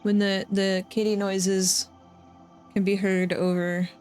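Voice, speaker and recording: A woman's voice: mid-range voice, flat delivery, takes it slowly, darkish tone. Woman, gaming streamer, loose rambling chat to viewers; faint game music in the background. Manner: rambling, chatty, restarts often. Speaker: live streamer.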